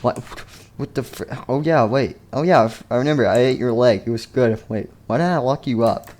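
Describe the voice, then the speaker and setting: A man voicing Nightmare, a bossy, rude male animatronic bear boss who scolds with a mellow voice. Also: medium pitch, a little fast, natural voice. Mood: scolding.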